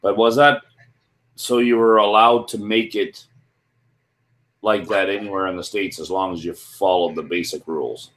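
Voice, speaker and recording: A man's voice: sits low, fairly even intonation, moderate pace, fairly bright tone. A man in casual chat, asking questions and telling teasing work stories. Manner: teasing, storytelling.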